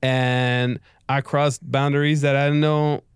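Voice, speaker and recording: A man's voice: mid-range voice, level tone, measured pace, smooth, no room sound, clean studio sound. A young man with a French accent, a stand-up comedian telling stories in a casual podcast chat and acting out the people he quotes. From France. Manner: storytelling, acts out quoted voices.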